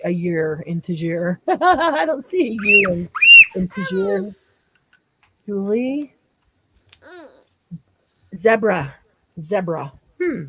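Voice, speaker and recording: Woman, craft livestream host: relaxed, unhurried delivery, giggly, chatty with viewers. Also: lowish voice, slight background noise, rough recording. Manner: giggly, laughs often while talking. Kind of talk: casual livestream chat, reading viewer comments aloud.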